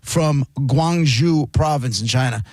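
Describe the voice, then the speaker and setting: A man's voice: mid-range voice, takes it slowly, darkish tone, no echo. A man hosting a radio show in casual chat, reading out odd news stories with a wry, amused manner. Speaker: radio host.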